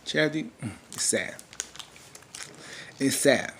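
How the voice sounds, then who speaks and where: Man, casual TV recap, rambling, many fillers, mid-pitched voice, character mimicry. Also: takes it slowly. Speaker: TV episode recapper.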